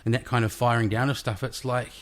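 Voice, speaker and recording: A man's voice: mid-range voice, level tone, quick pace. Chatty New podcast host, a man. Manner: chatty, agreeing, loose phrasing. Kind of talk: casual podcast conversation.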